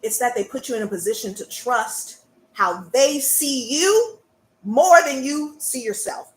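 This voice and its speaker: A woman, a burlesque performer and coach talking live to her audience in a sassy, animated way. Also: high voice, measured pace, echoey room, low-quality recording. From American South. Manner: sassy and animated, calls out to listeners. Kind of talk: live-stream talk to an audience.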